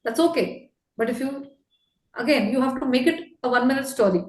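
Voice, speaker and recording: Brisk, emphatic Indian woman coach in an echoey room. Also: high voice. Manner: brisk, mixes English and Hindi, emphatic. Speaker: interview coach. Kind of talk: feedback on a mock interview.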